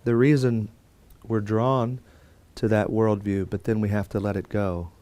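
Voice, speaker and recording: A man's voice: on the low side, steady tone, measured pace, mellow, dry recording. A man teaching a Bible course in a conversational lecture style, with fillers and restarts and quotes acted out. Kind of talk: classroom lecture.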